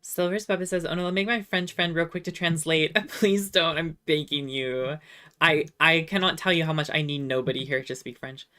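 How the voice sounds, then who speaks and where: A young adult woman streamer chatting casually with viewers, self-deprecating and halting when she tries French. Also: low-pitched, bright, forceful tone. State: slightly under the weather.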